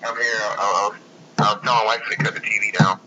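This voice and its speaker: A man's voice: lowish voice, little pitch movement, fast. A man co-hosting a casual wrestling podcast, teasing the others and swearing freely. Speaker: podcast co-host. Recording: dull online call with clear hiss.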